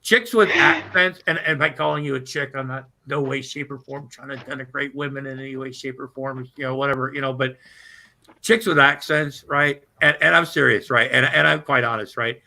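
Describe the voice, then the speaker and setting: Man, casual livestream chat, rambling and crude, raspy fry, bright tone. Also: medium pitch, steady tone, a little fast. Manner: rambling, crude, self-deprecating. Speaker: livestream guest.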